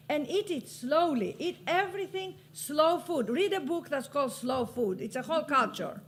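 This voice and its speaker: A middle-aged woman from Greece, serving as a panelist and author, gives a fervent, preachy motivational address, spurring the audience on and chuckling at her own lines. Her high voice is expressive and unhurried, with a little hiss or hum in the recording.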